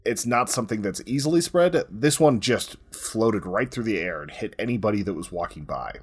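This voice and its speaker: A man co-hosting a casual history podcast, explaining in a relaxed way with lots of "like" as filler. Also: on the low side, normal speed, slightly rough. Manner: relaxed, says "like" a lot while explaining. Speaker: podcast co-host.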